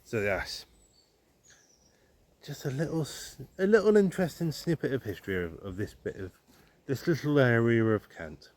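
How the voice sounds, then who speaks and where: A man's voice: mid-range voice, sing-song, moderate pace, darkish tone. A man vlogging on a country walk, talking casually to the camera in a chatty, wry, rambling way with playful asides. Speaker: walking vlogger. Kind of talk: casual talk to camera while walking. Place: open countryside, outdoors.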